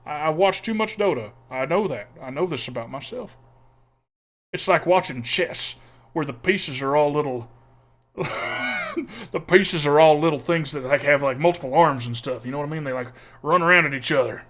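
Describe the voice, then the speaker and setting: Streamer, male, put-on Texas drawl, folksy and joking, a touch high-pitched. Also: very animated, moderate pace, fairly bright tone. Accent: put-on exaggerated Texas drawl. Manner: folksy, joking, chats with viewers. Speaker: streamer playing a card game. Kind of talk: casual live-stream commentary.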